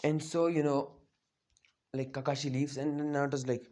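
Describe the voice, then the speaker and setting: A man's voice: mid-range voice, level tone, moderate pace, a little mellow. Rambling young-sounding guy telling a fan story. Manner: rambling, full of likes and restarts. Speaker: youtuber retelling a fan story. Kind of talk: casual storytelling. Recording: roomy, dull lo-fi home recording.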